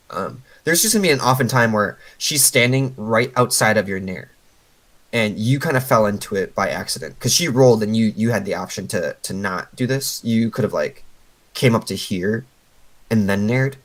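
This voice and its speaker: A man's voice: fairly low pitch, poor audio. A man coaching a player over a voice call, patiently explaining step by step with lots of fillers. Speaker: game coach.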